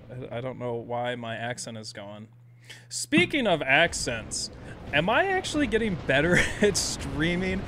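A man's voice: on the high side, sing-song, a little slow, noisy background. A young man streaming a game live, chatting, laughing often, swearing and bantering with his chat. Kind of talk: live gameplay commentary.

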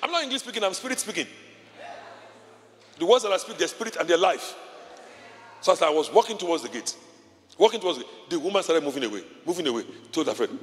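A man's voice: fairly high pitch, expressive, fast, pauses often. A male pastor preaching a sermon in a large church auditorium, with impassioned delivery and short repeated phrases. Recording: long hall reverb with faint music.

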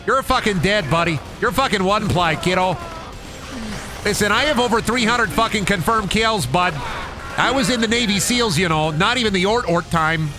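A man's voice: high-pitched, brisk, few pauses, music in the background, voice pushed up, close to an everyday voice. A man voicing a profane, folksy male Minnesotan dock worker who drawls and calls everyone bud. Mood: boastful.

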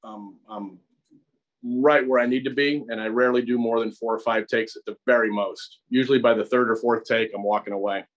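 A man's voice: medium pitch, fairly even intonation, fairly quick, poor audio. A middle-aged man with an American accent, a guest actor and acting teacher who explains his process at length in a conversational interview, often restarting and repeating words. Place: acting studio.

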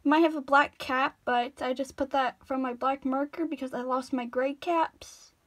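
A young woman chats away while she draws, her voice high and cartoony from tiredness. She rambles, trips over her words and pokes fun at herself. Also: steady tone, moderate pace. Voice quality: cartoony put-on voice. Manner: rambling, self-deprecating, stammering restarts. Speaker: drawing tutorial vlogger. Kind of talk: casual drawing commentary.

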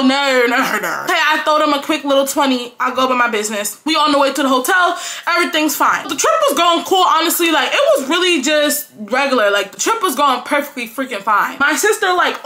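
High, bright-voiced young woman vlogger. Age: young adult; late teens. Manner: animated, slangy, acts out quotes loudly. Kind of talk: casual storytime chat.

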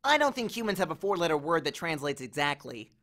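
A man's voice: fairly high pitch, sing-song, fast talker, a bit bright. A man voicing an anxious young satyr boy in a storybook reading, speaking with nervous hesitation.

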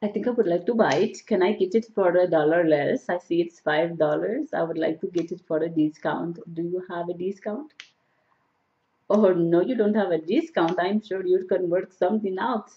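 A woman's voice: fairly low pitch, moderate pace, warm tone, lightly acted. A woman playing an adult woman customer who haggles for a discount on lipstick, coaxing and persistent, in a comedy sketch. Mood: wheedling. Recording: dull lo-fi home audio.

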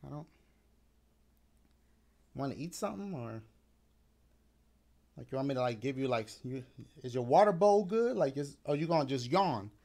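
A man's voice: medium pitch, expressive, moderate pace, creaky, pauses often, mellow. A man in casual chat, talking to his viewers and his dog in a laid-back, rambling way with playful slang, a little out of breath. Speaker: gaming YouTuber.

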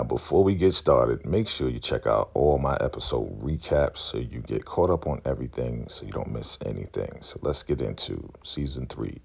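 A man casually recapping a TV episode, talking in an animated, storytelling way. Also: very deep voice, creaky, breathy edge. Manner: animated storytelling, acting out scenes. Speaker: TV recap vlogger.

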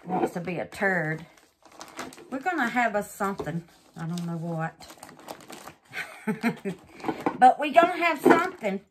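A woman's voice: medium pitch, very animated, a little slow, long pauses, noisy background. A woman chats through a resin craft demo, exclaiming and calling her viewers babies. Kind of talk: casual craft demo chat.

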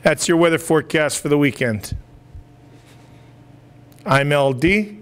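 A man's voice: fairly high pitch, lively intonation, measured pace, long pauses, noisy background. A man doing a brash, boisterous, profane comic weather forecast in a sketch rehearsal outdoors. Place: outdoors on a street curb.

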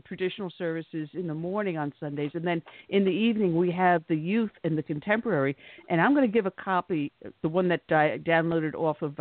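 A man's voice: sits high, dry recording. A man hosting a radio talk show, chatting in a conversational way with a guest. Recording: tinny phone-like line.

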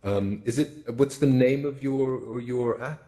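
A man's voice: mid-range voice, slow, warm tone. A man hosting a live online conference session, introducing the speaker and explaining the housekeeping in a welcoming way. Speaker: session host.

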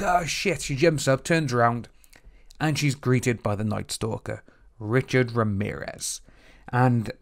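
Male reviewer, mid-pitch, casual recap with quoted reactions. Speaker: TV series reviewer.

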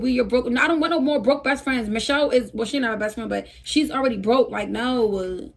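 A woman's voice: a little high, brisk, creaky, few pauses. A young woman hosting a livestream, swearing and scolding her viewers while begging them for gifts. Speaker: livestream host. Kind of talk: casual livestream talk.

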